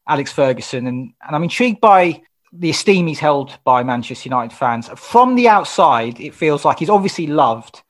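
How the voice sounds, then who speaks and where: A man hosting a podcast interview, asking questions in a quick, inquisitive way and thinking aloud as he goes. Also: a little high, animated. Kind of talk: casual interview chat.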